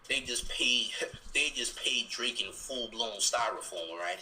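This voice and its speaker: A man's voice: medium pitch, measured pace, pushed and bright, a little hiss or hum, poor audio. A man doing live stream banter, mocking and full of slangy trash talk. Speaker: livestreamer.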